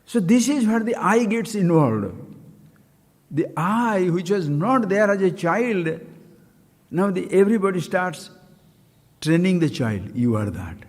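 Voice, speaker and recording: A man's voice: sits high, big pitch swings, measured pace, pauses often, darkish tone, in a large hall. A man giving a spiritual talk, asking his listeners questions and repeating key phrases to stress them. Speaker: spiritual teacher. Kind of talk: live-streamed spiritual talk.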